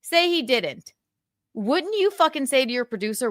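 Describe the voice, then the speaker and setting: A fairly high-voiced woman hosting a casual gossip livestream, indignant and quick to swear. Her voice is recorded close and dry, with almost no room sound. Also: big pitch swings, a bit bright, no echo. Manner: indignant, swears a lot, reads out texts. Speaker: livestream host.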